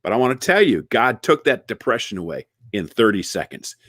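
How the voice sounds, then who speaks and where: A man giving a casual comedic monologue, jokey and animated, repeating words and chatting with his viewers. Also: fairly low pitch, fairly quick, no room sound, clean studio sound. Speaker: inspirational online comedian.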